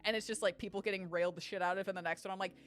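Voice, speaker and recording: A woman's voice: mid-range voice, steady tone, very fast, faint music behind. A woman streamer chatting casually with her live viewers, candid and chatty, laughing often. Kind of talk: casual chat with live viewers while gaming.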